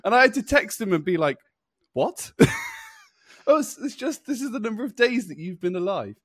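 A man's voice: sits high, animated, brisk, a bit bright, no room sound, clean studio sound. A young man with a nerdy, nasal voice, co-hosting a podcast in casual chat and laughing often. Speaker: podcast co-host. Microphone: close desk mic.

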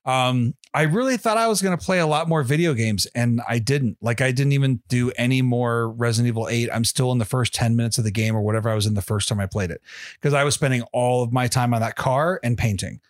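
A man's voice: mid-range voice, quick pace, no echo, clean studio sound. A man co-hosting a podcast, chatting casually in a rambling way with lots of fillers and swearing. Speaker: podcast co-host. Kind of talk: casual chat.

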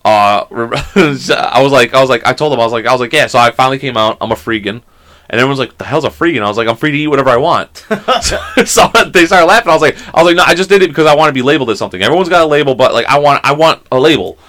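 A man's voice: mid-range voice, rapid-fire, a bit bright. A man co-hosting a podcast, telling stories in a casual, swearing, joking way. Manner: swearing, storytelling, laughing. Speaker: podcast co-host. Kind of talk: casual chat.

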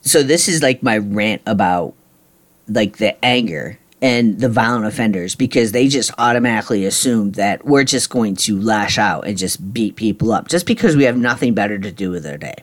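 A man's voice: on the low side, expressive, moderate pace. Blunt, frustrated man telling his story. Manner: frustrated, ranting, blunt with swearing. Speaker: podcast host. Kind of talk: personal storytelling monologue.

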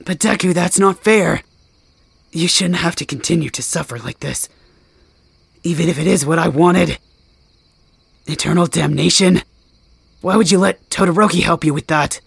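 A man voicing a brash, cursing young male werewolf in a fan audio drama, with a gravelly voice. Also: fairly high pitch, normal speed, long pauses, dry recording, exaggerated voice. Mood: pleading. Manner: brash, curses, snaps at people.

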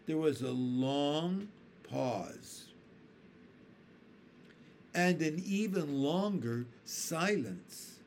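A man reading a children's book aloud with expressive storytelling. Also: on the high side, extremely slow, pauses often, a little hiss or hum. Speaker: reader.

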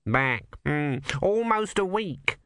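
A man's voice: on the high side, big pitch swings, slow, a bit bright, dry recording, clean studio sound, voice pushed up, full character voice. A man voicing a fussy, anxious male temple official who talks with hesitant "mm" sounds. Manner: fussing, hesitant, with "mm" fillers.

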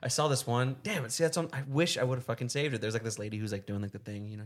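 A man from Arizona co-hosting a loose podcast chat, his pitch swinging all over as he talks. He laughs constantly, curses freely and stacks up "like" between words. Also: quick pace. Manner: animated, laughs a lot, swears, heavy use of "like". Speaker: podcast co-host. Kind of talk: casual chat.

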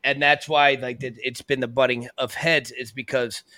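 Bright-voiced bartender guest, laid-back. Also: male voice, mid-range voice, little pitch movement, normal speed, no echo. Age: 30s. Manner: laid-back storytelling, acts out quotes, swears. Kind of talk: casual chat.

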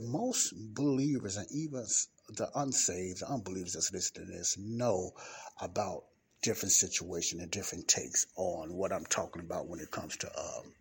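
A man giving an informal podcast Bible teaching in a library study room, rambling and repeating himself while keeping his voice low, close to the mic. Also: moderate pace, breathy edge. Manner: rambling, repeats and restarts words, talks low and quiet. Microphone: speaking close to the mic. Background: faint passing traffic.

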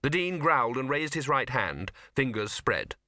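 In a dry, studio-quality recording, a mid-range male narrator reads a comic fantasy novel at normal speed. He performs the scripted audiobook with liveliness, voicing every character.

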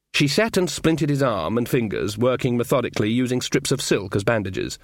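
A man's voice: medium pitch, expressive, brisk, few pauses, no room sound, studio quality. Man narrating a comic fantasy audiobook. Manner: voices each character with small shifts. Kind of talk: scripted narration.

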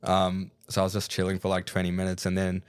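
A young Australian man tells a rambling story in a relaxed way, laughing as he goes. His voice sits fairly low, and the sound is close and dry with no room echo. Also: fast talker, clean tone. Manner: laid-back, laughs often, many fillers. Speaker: podcast guest, DJ. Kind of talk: casual storytelling.

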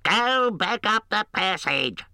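A man voicing agitated male goblin guards for an audiobook, with high, drawn-out, gravelly shouting. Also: expressive, dry recording, studio quality, exaggerated voice. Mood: alarmed. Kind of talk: audiobook character voice.

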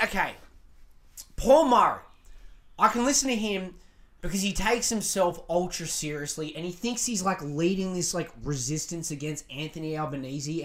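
A man's voice: sits high, sharp tone. A man with an Australian accent hosting a podcast, delivering a crude, sarcastic rant full of swearing. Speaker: podcast host. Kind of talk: profane ranting commentary.

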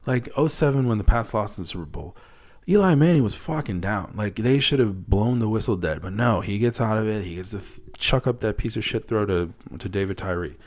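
A man's voice: on the low side, lively intonation, a little fast, a little mellow. A young man hosting a solo podcast in casual chat, swearing often and getting worked up. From Wisconsin, United States. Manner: swears often, gets worked up about sports. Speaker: podcast host.

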